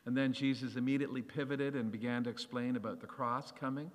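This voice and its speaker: A man preaching a sermon, animated and acting out the voices of scripture as he reads. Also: mid-range voice, quick pace, long reverb tail.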